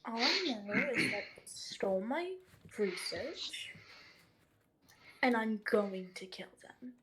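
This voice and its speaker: A woman's voice: on the high side, sing-song, slow pace, fairly bright tone, a little hiss or hum. A woman voicing her character in a tabletop game, blunt and dry. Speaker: player. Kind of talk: in-character tabletop role-play.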